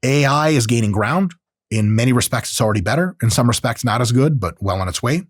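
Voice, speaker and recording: A man's voice: medium pitch, lively intonation, a little fast, no echo, studio quality. A man hosting a podcast, talking casually about technology and acting out quoted voices with profane asides. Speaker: podcast host.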